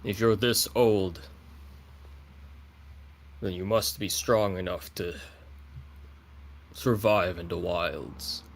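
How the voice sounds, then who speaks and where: A man's voice: low voice, steady tone, slow pace, long pauses. A man playing a scarred, undead-looking male adventurer who deadpans boasts about his strength. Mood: boastful.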